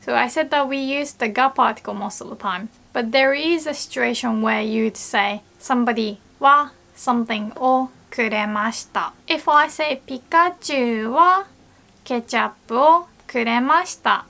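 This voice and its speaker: A woman with a somewhat high voice and a noticeable gravelly fry, walking learners through grammar. She is patient and explanatory, and she repeats example sentences slowly. She also illustrates points with playful little scenarios. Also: bright, forceful tone. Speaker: language teacher.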